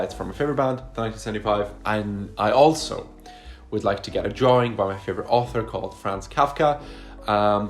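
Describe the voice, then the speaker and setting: A Russian-speaking vlogger in his 20s chats to camera in a casual Q&A, talking in a low voice. He's chatty and enthusiastic and swears often, recording on a camera he sets up himself.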